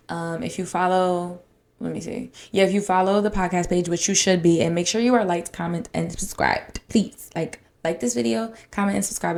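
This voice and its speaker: A woman's voice: on the low side, gravelly, darkish tone. A woman hosting her own podcast, telling a chatty, dramatic story and addressing listeners directly as y'all. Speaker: podcast host. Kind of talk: casual solo podcast storytelling.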